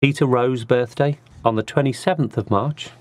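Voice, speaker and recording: A man's voice: mid-range voice, moderate pace, darkish tone. A man with a Liverpool accent hosting a music show from a studio, chatting and joking casually. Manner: jokey, chatty banter. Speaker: show host.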